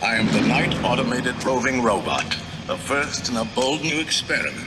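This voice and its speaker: A man's voice: mid-range voice, animated, normal speed, noisy background, close to an everyday voice. A man voicing a menacing evil robot car. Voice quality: cold, menacing. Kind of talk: 1980s TV series acting.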